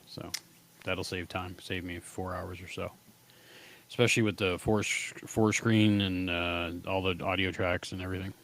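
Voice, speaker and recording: A man with a very low voice chats casually as a podcast co-host. He sounds relaxed and easygoing, with frequent pauses and fillers. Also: a little hiss or hum.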